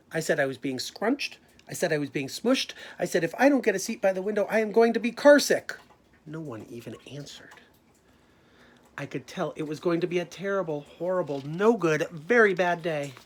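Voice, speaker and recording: A man reading a picture book aloud, voicing a grumpy young boy in a loud, exasperated way. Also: fairly high pitch. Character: grumpy young boy having a bad day.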